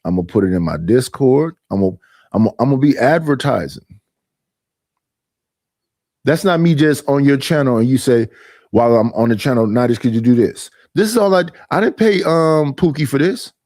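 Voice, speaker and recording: A man's voice: mid-range voice, lively intonation, a little fast, a little mellow, no room sound, studio quality. A middle-aged man streaming, ranting in a casual, aggrieved way, repeating himself and mimicking what others say to him. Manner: aggrieved, repetitive, mimics others in quoted voices. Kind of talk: casual livestream rant.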